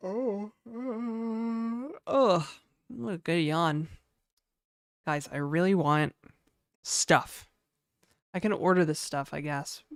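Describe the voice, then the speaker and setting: Slow-talking, laid-back woman streamer. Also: mid-range voice, dry recording, clean studio sound. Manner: laid-back, slangy, sighing and chatting to viewers. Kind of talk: casual live-stream chat.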